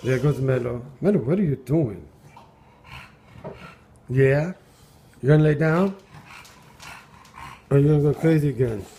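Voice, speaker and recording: A man's voice: medium pitch, animated, a little slow, gravelly, long pauses, mellow, a little hiss or hum. A man at home, filming his dog on a handheld camera and giving amused running commentary with frequent exclamations and chuckles. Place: at home indoors.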